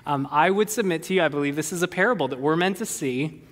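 High bright-voiced pastor guy preaching, lively and jokey, big echoey church hall. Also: quick pace. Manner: animated, conversational preaching with playful asides. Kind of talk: sermon. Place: church sanctuary. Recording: long hall reverb.

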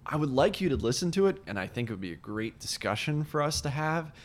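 A man's voice: on the high side, big pitch swings, quick pace. A man co-hosting a podcast in casual chat, rambling and laughing often. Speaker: podcast co-host.

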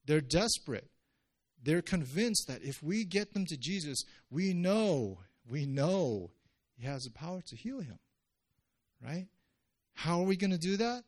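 A male pastor giving a conversational sermon, jumping his pitch up when he acts out quotes. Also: very animated, moderate pace, long pauses.

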